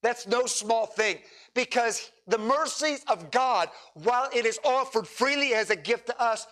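A man preaching a sermon, leading his congregation through scripture with dramatic pauses and emphatic repetition. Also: very high voice. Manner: preaching with dramatic pauses, rising to near shouts. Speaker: pastor.

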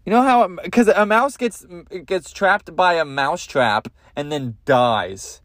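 Guy doing a sweary comedy rant, kinda high voice, super dry close mic. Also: takes it slowly, few pauses, fairly bright tone, no room sound. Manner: crude, rambling rant with lots of swearing. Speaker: podcast host. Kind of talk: comedic monologue.

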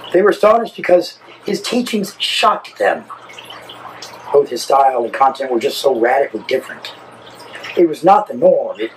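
Animated pastor preaching. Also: male voice, medium pitch, slight background noise, rough recording. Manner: animated storytelling preacher, emphatic. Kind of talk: sermon.

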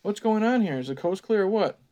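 A man doing a whiny high teen boy. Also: fairly quick. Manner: whining, high and excited.

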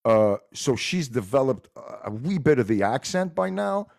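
A middle-aged man with a Montreal accent whose first language is French, talking in a casual chat, animated and swearing freely. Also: medium pitch, normal speed, vocal fry. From Montreal, Quebec. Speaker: guest musician.

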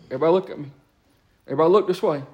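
Animated pastor preaching. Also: male voice, a little high, dull audio. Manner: animated preaching with call-and-response, quick asides and repeated words. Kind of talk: sermon. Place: church sanctuary.

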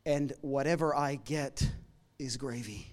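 A middle-aged man preaching a sermon in a conversational, humorous way, moving between loud emphatic lines and quiet asides. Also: mid-range voice, a little slow. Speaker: pastor.

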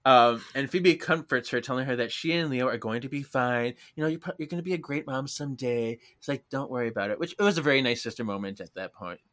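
A young man co-hosting a casual book chat, recapping scenes in a relaxed way and acting out the characters' lines. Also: medium pitch, quick pace, hardly any pauses. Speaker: podcast co-host.

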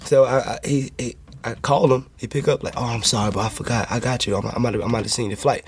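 A man telling a story in casual chat, animated and acting out the voices of the people in it. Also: medium pitch, rapid-fire, a little hiss or hum. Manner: animated, acts out quoted voices. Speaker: guest.

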